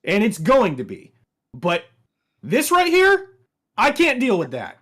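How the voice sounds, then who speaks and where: A man talk-show host with a slightly high, very lively voice, moving between chatty asides and firm orders. He sets limits like a moderator. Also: a little slow.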